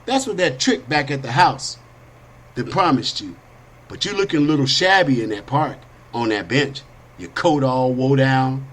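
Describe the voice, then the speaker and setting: Man, high voice, animated storytelling, slangy, preachy monologue. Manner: animated, swings between high whiny voices and low asides. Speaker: podcast host.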